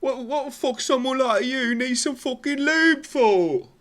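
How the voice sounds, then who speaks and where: A man's voice: measured pace, fairly bright tone. A man voicing a furious, foul-mouthed girlfriend who grills her partner. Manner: shrill, swearing, interrogating.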